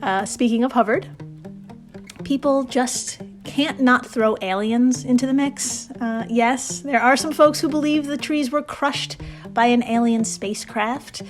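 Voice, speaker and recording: New woman hosting a podcast, somewhat high voice, loose and profane, soft guitar music underneath. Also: a little slow. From New York. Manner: chatty, swears freely, laughs at own asides. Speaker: podcast host. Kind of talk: casual storytelling podcast.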